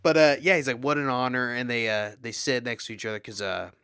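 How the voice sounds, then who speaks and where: A man co-hosting a podcast, reviewing a movie in an excitable, rambling, profane way. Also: mid-range voice, fast, clear, resonant tone, dry recording, clean studio sound. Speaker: podcast co-host. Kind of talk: casual movie review chat.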